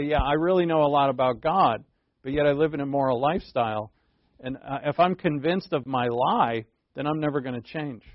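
A man teaching a sermon as pastor, with slow, emphatic stresses and small asides to the listeners. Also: fairly high pitch, dry recording. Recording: dull, lo-fi dry recording.

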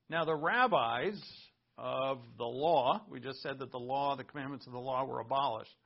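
A man's voice: mid-range voice, normal speed, creaky. A man preaching a sermon, reading scripture aloud and explaining it in an earnest teaching tone. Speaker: pastor. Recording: muffled lo-fi recording.

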